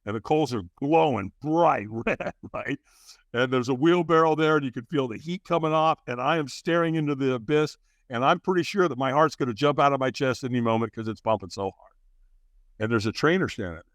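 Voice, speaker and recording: A man telling a personal story as a podcast guest, acting out the other people's lines with big leaps in pitch. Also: fairly bright tone, no echo. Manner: acts out dialogue with big jumps in pitch. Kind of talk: animated storytelling.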